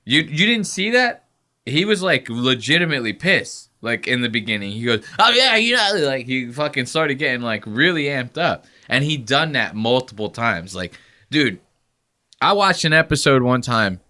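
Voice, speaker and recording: A man riffs on a casual podcast, swearing freely and acting out the people he talks about. His voice is bright and forceful, with a mid-range pitch. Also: moderate pace. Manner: profane, animated storytelling with mock impressions. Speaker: podcast host.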